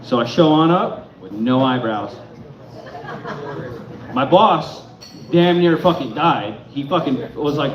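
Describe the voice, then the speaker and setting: A man's voice: mid-range voice, animated, slow, pauses often. A young man from Connecticut performing a crude, profane stand-up set on a club stage. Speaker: stand-up comic. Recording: echoey club room, dull sound.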